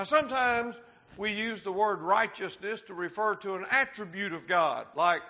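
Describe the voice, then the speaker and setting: Male preacher, bright high voice; drawn-out emphasis on key words; lo-fi sound. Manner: slows down to stress key words; talks directly to the congregation. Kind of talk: sermon. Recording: dull lo-fi sound.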